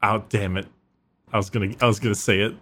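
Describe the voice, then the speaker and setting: A man's voice: on the low side, little pitch movement, fast, pushed and bright. A man with a sore throat chatting casually and quizzing his co-host. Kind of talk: casual chat.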